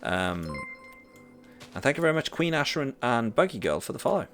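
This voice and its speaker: A man's voice: mid-range voice, very animated, normal speed, a bit bright, soft background music. A Norwegian man who learned British English chats casually while gaming on stream, hesitant, with many fillers and restarts. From Norway. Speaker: streamer, teacher.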